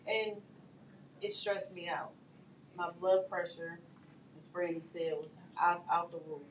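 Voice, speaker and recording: Woman guest, personal storyteller, slightly low; roomy, distant mic. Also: steady tone, a little slow, slight background noise. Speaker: guest speaker. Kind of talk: casual studio discussion. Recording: echoey studio, mic at a distance.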